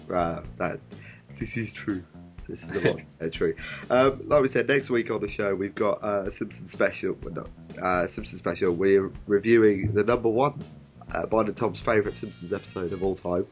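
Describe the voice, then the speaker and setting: A man's voice: lowish voice, normal speed, soft background music. A man co-hosting a casual podcast, rambling and hesitant with many ums. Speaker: podcast co-host.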